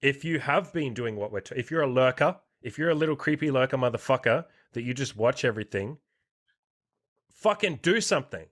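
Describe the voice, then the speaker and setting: A man's voice: mid-range voice, fast talker, hardly any pauses, a bit bright. A man hosting a podcast interview, talking bluntly in a casual, profanity-heavy way and pushing listeners to take action. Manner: blunt, heavy swearing, pep-talk energy. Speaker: podcast host and dating coach.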